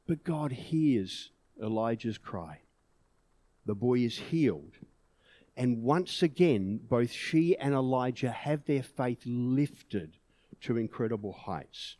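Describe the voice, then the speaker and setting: A man's voice: mid-range voice, expressive, takes it slowly, warm tone, dry recording. A man preaching a sermon in an earnest way, pushing emphatic peaks on key words.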